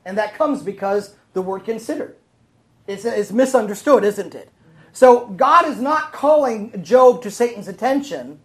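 A woman's voice: mid-range voice, animated, unhurried, low-quality recording. A woman teaching scripture to a congregation in a conversational sermon, often checking in with the room through questions. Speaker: Bible teacher.

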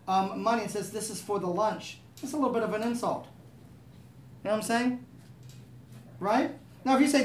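A man's voice: sits high, slight background noise. A man preaching a sermon, talking conversationally and asking the room to agree with him. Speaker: pastor. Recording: echoey room, voice from a distance.

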